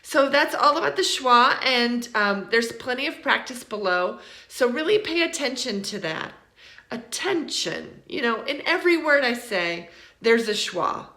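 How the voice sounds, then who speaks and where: A woman teaching English pronunciation in a recorded lesson, saying each example word slowly and then repeating it for learners. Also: on the high side, expressive, pushed and bright, reverberant. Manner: slow, deliberate, repeats model words for learners.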